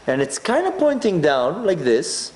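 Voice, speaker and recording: A man's voice: high-pitched, unhurried, reverberant. A man from Israel, telling a personal story as a talk and acting out his own inner voice. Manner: animated, acts out his inner voice. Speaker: speaker.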